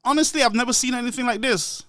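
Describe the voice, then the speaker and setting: A man's voice: very high voice, fast, dry recording, clean studio sound. A man giving live political commentary, laughing often and repeating words for emphasis. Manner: animated, laughs often between phrases.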